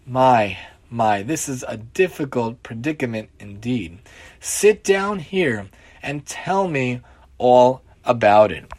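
A man voicing a gentle elderly man in his seventies who speaks calmly, softly and kindly. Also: mid-range voice, slow pace, voice pushed down. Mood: calm sympathetic. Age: 70s. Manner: calm, soft, friendly coaxing.

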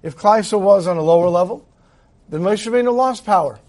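Brief: high-voiced man, rabbi giving a Torah lecture, animated storyteller. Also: fast talker. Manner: animated storyteller who acts out dialogue. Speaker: rabbi teaching.

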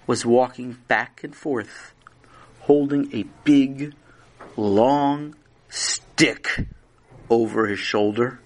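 A man narrating a children's story with animated, dramatic storytelling. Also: medium pitch, drawn-out words, pauses often.

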